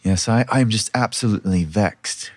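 A man voicing a haughty young high elf princess who talks in a prim, overly polite, flustered way. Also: normal speed, a little mellow, dry recording, natural voice. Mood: prim, gushing.

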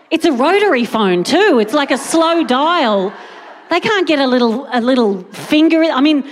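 Woman stand-up comic, wry incredulous rambling, highish voice, faint crowd and hum. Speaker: stand-up comedian. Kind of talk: stand-up comedy set. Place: live theatre stage with audience. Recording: live venue with faint crowd noise.

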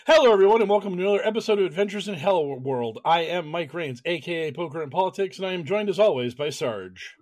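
A man's voice: high voice, quick pace, few pauses. A man hosting a podcast, introducing the show and chatting loosely with many fillers. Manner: relaxed, filler-heavy hosting. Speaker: podcast host. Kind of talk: casual chat.

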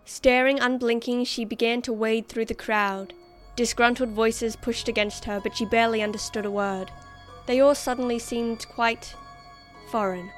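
Woman narrating a story over faint music. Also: a little high. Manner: measured, expressive storytelling. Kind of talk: scripted narration.

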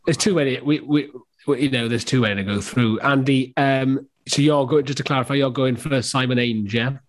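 A man's voice: medium pitch, fairly even intonation, brisk. Man, podcast host, jokey, casual football chat. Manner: jokey, leads the segments.

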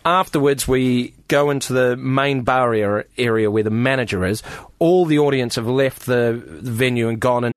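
A man's voice: medium pitch, moderate pace. A man, a comedian, telling a story in casual chat and acting out the quotes. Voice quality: animated storyteller, acts out quotes.

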